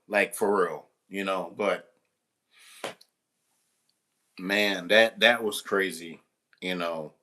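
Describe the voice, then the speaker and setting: A man's voice: sits low, pushed and bright. A man working as a substitute teacher tells a story casually to the camera, rambling, restarting, and swearing freely.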